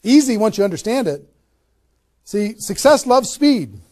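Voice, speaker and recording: Man, high-pitched trainer voice, punchy motivational delivery, rhetorical questions, live room talk. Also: measured pace. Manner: energetic, emphatic, asks rhetorical questions. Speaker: network marketing trainer. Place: room with a small live audience.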